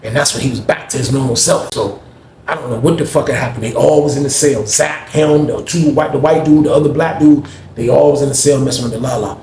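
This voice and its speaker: A man casually telling a story in a slangy, animated way, recorded in an echoey room. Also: mid-range voice, brisk.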